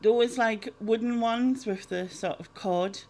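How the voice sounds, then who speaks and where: A woman's voice: fairly high pitch, slow, a little mellow, slight background noise. A woman, chatting casually through a Q&A vlog, rambling with lots of ums and laughs. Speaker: YouTuber answering viewer questions.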